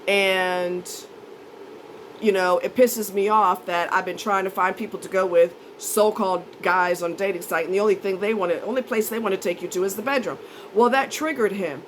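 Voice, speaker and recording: A woman's voice: medium pitch, expressive, moderate pace, fairly bright tone, a little hiss or hum, low-quality recording. A woman telling a story as a vlogger, ranting in an indignant, sarcastic and emphatic way. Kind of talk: storytime rant.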